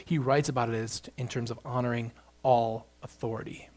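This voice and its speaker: A man's voice: mid-range voice, fairly even intonation, moderate pace, a little mellow. A man preaching an expository sermon, building emphasis on key points as he walks through scripture. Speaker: pastor.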